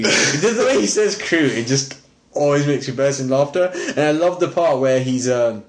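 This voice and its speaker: A British man co-hosting a relaxed film podcast, with a voice of ordinary pitch. He talks loosely and laughs a lot. He often slips into put-on voices to quote favourite comedy lines. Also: normal speed. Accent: British English. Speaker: podcast co-host. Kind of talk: casual film podcast chat.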